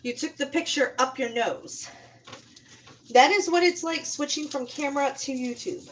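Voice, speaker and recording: A woman's voice: high voice, moderate pace, a bit bright, slight background noise. A woman hosting a casual cooking livestream from her home kitchen, rambling to her viewers as she works and now and then stepping away from the mic. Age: adult, parent. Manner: chatty, rambling, talks to viewers while cooking; moves around, sometimes steps away from the mic. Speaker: cooking channel host.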